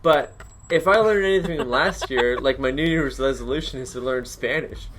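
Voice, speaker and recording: A man's voice: medium pitch, normal speed, noisy background. A young man co-hosting a podcast, swearing and joking in casual chat, laughing often. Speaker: podcast co-host.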